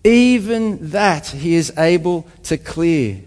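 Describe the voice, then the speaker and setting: A man preaching a sermon to a congregation, emphatic, with rhetorical questions and quieter reflective passages. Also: a little high, lively intonation, takes it slowly, long reverb tail. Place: church hall with congregation.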